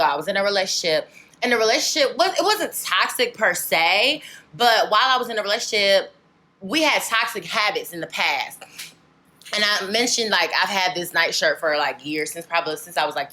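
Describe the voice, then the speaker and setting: Here the young adult vlogger's voice is medium in pitch and sharp in tone. She talks casually and openly to the camera, wandering off track and leaning on "like" and "legit."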